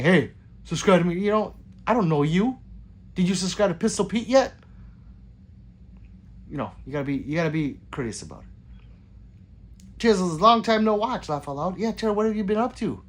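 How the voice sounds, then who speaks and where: Lively, joking livestream host. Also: male voice, high-pitched. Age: adult with children. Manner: joking, rambling, reads viewer comments aloud. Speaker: livestream host reading chat. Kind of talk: casual livestream chat.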